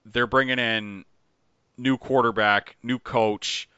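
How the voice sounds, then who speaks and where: A man co-hosting a casual sports betting podcast, talking in animated bursts and restarting his sentences as he thinks aloud. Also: mid-range voice, slow, clean tone, no echo, muffled recording. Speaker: podcast co-host.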